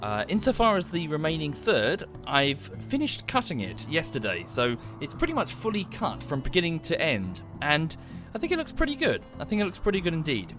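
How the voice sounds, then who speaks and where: A man talks to his livestream viewers in a loose, rambling way, and his pitch rises and falls a lot as he goes. Faint music plays behind him at home. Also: huge pitch swings, brisk, hardly any pauses. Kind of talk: casual livestream chat.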